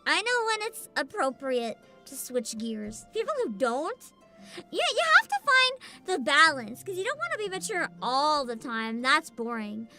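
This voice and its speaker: High, lively young woman streamer. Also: unhurried, faint music behind. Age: 20s. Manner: animated, swearing freely, laughing often; reads out and greets chat names. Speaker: VTuber streamer. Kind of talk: casual livestream chat.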